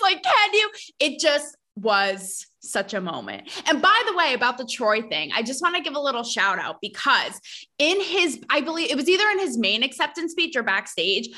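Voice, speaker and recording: A woman hosting a podcast, talking in a casual, gossipy and animated way, full of sass and asides to her listeners. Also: sits high. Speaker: podcast host. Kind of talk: casual chat.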